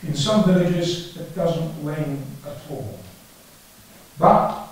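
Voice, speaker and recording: A man's voice: a little high, very animated, slow pace. An older man giving a conference lecture on archaeology, telling field stories with dry, wry humour. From England. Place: conference hall. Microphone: lectern or headset mic, battery trouble. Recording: echoey hall from far off.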